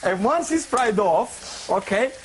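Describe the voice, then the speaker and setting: A man doing a cooking demonstration on a TV show, playful and excitable as he jokes with the presenters. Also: high voice, takes it slowly, noisy background. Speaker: TV chef guest.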